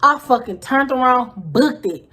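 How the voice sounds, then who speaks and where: A woman with a husky, breathy and fairly high voice tells a story to her channel. She uses slang and swears freely, and she acts out moments by whispering. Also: expressive, a little slow, pushed and bright. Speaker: vlogger. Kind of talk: casual storytime.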